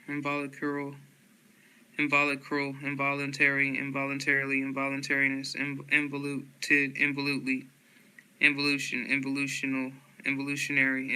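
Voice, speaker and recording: A man reading dictionary entries aloud one word at a time, in a flat listing manner with occasional stumbles and restarts. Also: mid-range voice, clean tone.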